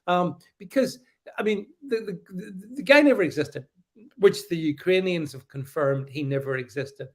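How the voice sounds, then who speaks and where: A middle-aged man hosting a casual livestream, talking in a sarcastic, mocking way and laughing often. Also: a little high. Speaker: livestream host.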